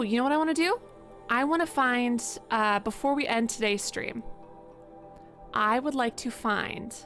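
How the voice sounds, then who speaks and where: A woman's voice: a little high, moderate pace, a bit bright. A woman streaming a video game, chatting casually with her viewers and cursing at the enemies she fights. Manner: chatty, swears at enemies, talks to chat. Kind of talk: casual live-stream gameplay chat. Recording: game music under voice.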